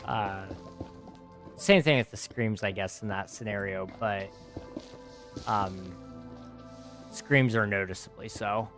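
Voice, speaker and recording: A man's voice: fairly low pitch, takes it slowly, pauses often, a bit bright, soft background music. A tired young man casually chatting with his viewers while gaming on a livestream, rambling and answering chat. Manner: easygoing, rambling, reads chat aloud and answers it. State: tired, yawning. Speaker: gaming streamer.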